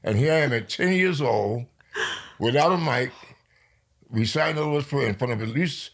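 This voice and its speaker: An older man from New York, a poet being interviewed, telling stories in a lively way and slowing down for emphasis. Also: medium pitch, gravelly. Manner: lively storyteller, slows down for emphasis. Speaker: poet guest. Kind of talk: storytelling interview.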